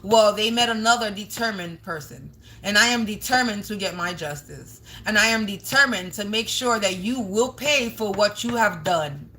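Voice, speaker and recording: A woman's voice: mid-range voice, lively intonation, moderate pace, few pauses, bright, forceful tone. Blunt, scolding woman tarot reader. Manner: blunt, scolding, swears often, raises voice at times. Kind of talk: confrontational livestream monologue.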